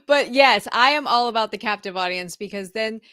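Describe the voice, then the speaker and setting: A woman's voice: a little high, fairly quick, sharp tone, no echo. A woman hosting a podcast, chatting casually, laughing easily and asking follow-up questions. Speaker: podcast host.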